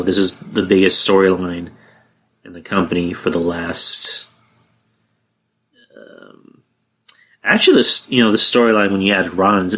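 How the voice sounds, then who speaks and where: A man's voice: sits low, sharp tone. A man hosting a podcast, giving blunt, profane opinions in a rambling casual way with many fillers. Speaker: podcast host. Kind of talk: casual wrestling commentary.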